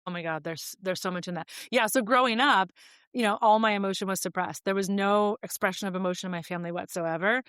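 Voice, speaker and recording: A woman's voice: medium pitch, fast, a bit bright, clear, resonant tone, no echo, studio quality. A woman in her forties, a podcast guest telling personal stories in a candid, reflective, conversational way with frequent fillers.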